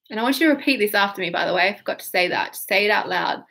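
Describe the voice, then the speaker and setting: A woman's voice: medium pitch, expressive, fast talker, gravelly, few pauses, sharp tone. A woman coaching a guided tapping session, talking casually and breaking into exaggerated emotional phrases and breaths. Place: home setup on camera.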